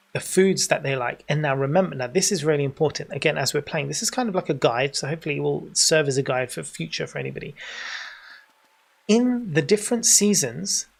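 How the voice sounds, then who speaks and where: A man's voice: fairly high pitch, creaky. Chatty British man walking viewers through a game. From Britain. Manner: chatty, explains as he goes, talks to chat. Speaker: streamer. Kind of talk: livestream game tutorial commentary.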